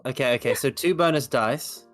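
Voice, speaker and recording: A man's voice: medium pitch, moderate pace, fairly bright tone. A man playing a tabletop game, hesitant and thinking aloud about his dice rolls. Faint music plays behind him. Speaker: player. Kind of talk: casual tabletop play.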